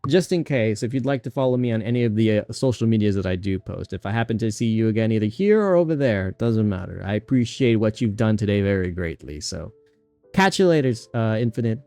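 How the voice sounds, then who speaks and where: A man's voice: lowish voice, expressive, quick pace, dark tone, no echo, soft background music. A young man streaming a game, chatting casually and rambling between bits of game text he reads aloud. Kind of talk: casual gaming livestream chat.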